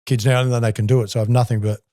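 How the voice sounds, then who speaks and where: A man's voice: medium pitch, racing, dry recording, studio quality. A man in his sixties with an Australian accent, a former athlete telling colourful stories as the guest in a podcast interview. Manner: animated, colourful storyteller. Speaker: guest, former basketball player.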